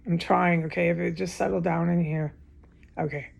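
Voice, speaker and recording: Woman vlogger with a very gravelly, husky voice, ranting at home in a loose, repetitive monologue. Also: on the low side, steady tone, normal speed, darkish tone. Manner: agitated, repetitive, with frequent swearing. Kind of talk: rambling direct-to-camera monologue. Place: home, indoors.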